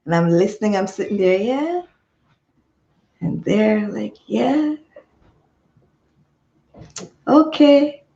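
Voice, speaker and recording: A woman's voice: medium pitch, expressive, slow pace, creaky, warm tone, muffled recording. A woman telling a rambling story to her live chat in a chatty way, laughing easily. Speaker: vlogger.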